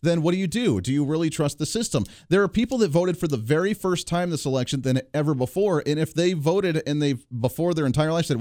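A man's voice: on the high side, fast talker, hardly any pauses, mellow, dry recording. A man hosting a political talk radio show, speaking bluntly and sarcastically into a studio microphone.

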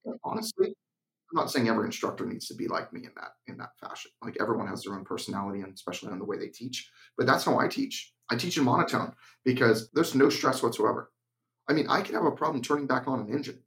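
A man's voice: mid-range voice, vocal fry. A young adult man co-hosting an aviation podcast and sharing his view as a flight instructor, blunt and emphatic in casual chat. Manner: blunt, emphatic, slips into a deliberate monotone when acting out cockpit instructions.

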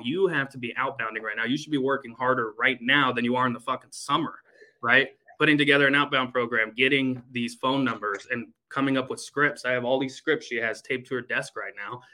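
A man's voice: mid-range voice, quick pace, bright, forceful tone, low-quality recording. A man who owns a heating and cooling company, chatting bluntly and energetically from his office, swearing freely. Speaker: HVAC company owner. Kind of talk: casual business podcast chat.

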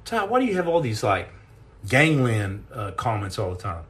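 A middle-aged man in a loose live chat, spinning rambling, jokey stories in a middle-pitched voice. He stumbles and restarts often as he answers his viewers. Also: big pitch swings, moderate pace, fairly bright tone. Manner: rambling, jokey storyteller with many repeated restarts. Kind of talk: casual livestream chat.

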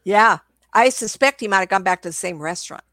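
A woman's voice: mid-range voice, a little fast, fairly bright tone, dry recording, studio quality. An older woman speaking with a sore throat, telling stories in a rambling casual chat, with many restarts. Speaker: psychic medium guest. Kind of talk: casual conversational storytelling.

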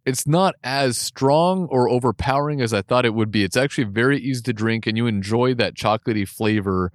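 A man's voice: mid-range voice, a little fast, no room sound, clean studio sound. A man co-hosting a casual podcast, reviewing beers with jokes, frequent laughter and trailing restarts. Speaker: podcast co-host. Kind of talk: casual beer review chat.

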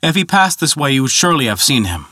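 A man's voice: mid-range voice, sing-song, fast talker, pushed and bright, slightly rough, no echo, studio quality, voice pushed up, exaggerated voice. A man voicing a sly male toad who brushes off questions in a storybook tale. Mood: dismissive. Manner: brusque, dismissive.

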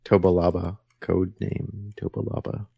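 A man's voice: low voice, level tone, unhurried, creaky, mellow, slightly rough, no echo. A man co-hosting a casual podcast who gives short, dry replies and points out small details. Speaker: podcast co-host. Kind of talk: casual chat.

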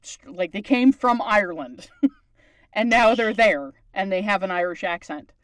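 A woman's voice: mid-range voice, animated, a little slow, no room sound. Chatty Newfoundland woman, dry close sound. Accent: Newfoundland townie. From Newfoundland, Canada. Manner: chatty, explains at length. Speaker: podcast host. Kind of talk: casual chat.

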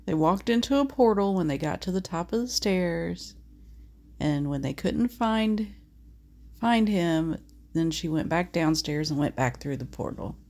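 A woman co-host whose pitch swings widely as she jokes. She throws in quick, playful remarks during casual podcast chat. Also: animated, a little mellow. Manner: quick, jokey replies.

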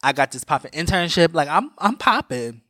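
Brief: young man, podcast host, teasing and measured, dry close recording. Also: a little high, very animated, bright, forceful tone, dry recording. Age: young adult. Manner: teasing, measured questions with fillers. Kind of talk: casual chat.

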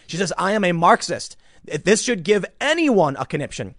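A man rants into a close microphone in a dead, dry room, his voice sitting a bit high for a man. His pitch swings widely as he stresses points, and he trips over his words, repeating and restarting as he pushes his argument. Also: no echo. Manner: animated, emphatic, ranting with repeated restarts. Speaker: commentator. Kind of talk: casual online commentary.

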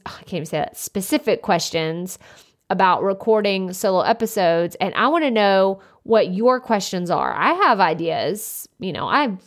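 A woman with a loud, energetic voice hosts a solo podcast, talking as if over coffee with a friend. Her pitch sits in the middle range, and she speaks right into a close podcast microphone. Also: moderate pace. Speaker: podcast host. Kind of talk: casual solo podcast talk. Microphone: studio podcast microphone up close.

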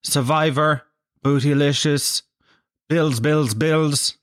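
A man's voice: fairly high pitch, unhurried, no room sound, studio quality. A man ranting in a casual vlog, sweary and sardonic. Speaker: vlogger. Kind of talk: casual rant to camera.

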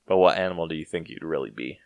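Young male podcast host, easygoing and self-mocking, mid-pitched, dry close sound. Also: quick pace, gravelly, darkish tone, no room sound. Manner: laid-back, laughs often, self-deprecating. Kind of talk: casual chat.

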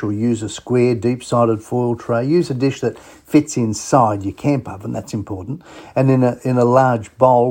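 A man's voice: medium pitch, dark tone. An Australian man hosting a travel radio show, chatty and folksy, talking straight to his listeners with plenty of enthusiasm. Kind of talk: casual radio presenting.

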